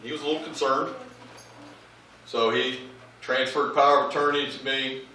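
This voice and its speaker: A man delivers a funny eulogy for his father, acting out the lines of each story. His voice is bright and forceful. It rings through a big echoey hall, heard from well back from the mic. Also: mid-range voice, normal speed, recorded from a distance, slight background noise. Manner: animated comic anecdotes, acting out quoted lines. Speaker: eulogist, child of the deceased. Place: large memorial service hall.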